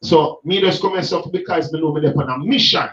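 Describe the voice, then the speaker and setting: An emphatic Jamaican man with a fairly high voice reasons like a street preacher, speaking in patois and pressing his points home. He sounds distant from the mic, in an echoey room, and the recording is muffled. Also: fast, a bit bright. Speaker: street gospel minister. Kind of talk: passionate reasoning conversation.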